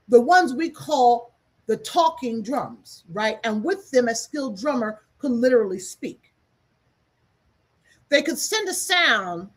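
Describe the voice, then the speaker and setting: Woman, host-teacher, slow deliberate emphatic delivery, slightly husky higher voice. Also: fairly bright tone. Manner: emphatic, repeats phrases for effect. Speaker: spiritual teacher hosting a livestream. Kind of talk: impassioned spoken lesson.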